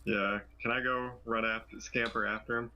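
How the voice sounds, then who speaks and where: A man's voice: medium pitch, little pitch movement, normal speed, bright, forceful tone, slight background noise, low-quality recording. A man playing a tabletop game with friends, chatting in a playful, joking way. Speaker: player. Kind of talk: casual tabletop game chat.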